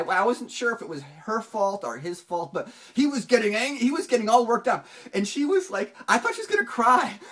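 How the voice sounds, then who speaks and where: Finance vlogger just talking it out, lots of restarts and ums, voice jumps up when making a point. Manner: rambling, with many restarts and fillers; animated, pitch jumps up for emphasis. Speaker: finance channel host. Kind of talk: casual video commentary.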